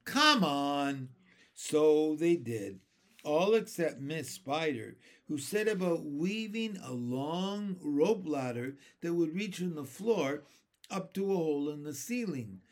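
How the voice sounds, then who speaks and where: A man reads a children's storybook aloud in a slow, expressive narration. His pitch is lively and sits a little high for a man, and he corrects a small slip now and then. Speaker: reader. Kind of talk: reading a children's book aloud.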